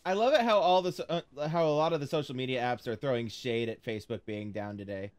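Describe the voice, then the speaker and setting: A man's voice: medium pitch, fast, clear, resonant tone, dry recording. A man casually talking to himself as he streams a horror game, reading notes aloud and chatting as he plays. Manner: chatty, talks to himself while playing. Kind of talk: casual let's-play commentary.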